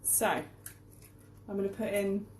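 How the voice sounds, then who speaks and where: Woman teacher, chatty cooking-lesson delivery, mid pitch, roomy kitchen sound with audible clatter. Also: steady tone, takes it slowly, darkish tone, slight background noise. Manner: chatty, explains word meanings as she works. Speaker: English teacher. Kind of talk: casual cooking demonstration lesson. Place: home kitchen.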